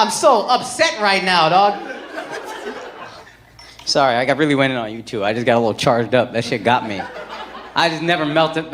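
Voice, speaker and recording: Brash, profane man doing crowd work. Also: a little high. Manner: brash, profane, mock-outraged. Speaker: stand-up comedian. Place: comedy club stage with live audience. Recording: echoey club with loud crowd laughter.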